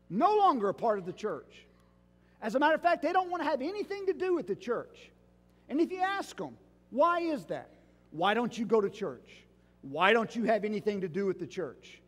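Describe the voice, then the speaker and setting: A male pastor with a strikingly high, lively voice preaches slowly and deliberately, pressing his congregation with rhetorical questions. His voice rings out with a long reverb from the sanctuary. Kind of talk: sermon.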